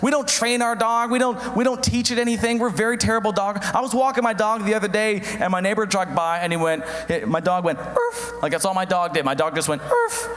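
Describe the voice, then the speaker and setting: A young man performing a stand-up comedy routine in an animated way, acting out the voices of other people. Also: high voice, fast, few pauses. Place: comedy stage before an audience. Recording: live stage with long hall reverb.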